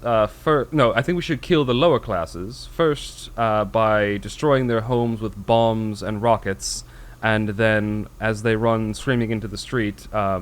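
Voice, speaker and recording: A posh upper-class British gentleman speaks in a flat, unbothered monotone, as a man does the voice. He talks slowly and carries a little more volume than the everyday chat around him. The posh British accent stays clipped and proper. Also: fairly low pitch, lightly acted. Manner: deadpan monotone delivery.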